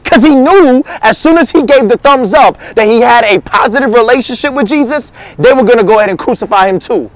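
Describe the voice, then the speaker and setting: High-voiced man preaching casually. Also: animated, a little fast, hardly any pauses, no echo. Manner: slangy, conversational, acts out quotes. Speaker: teaching pastor. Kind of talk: casual sermon teaching.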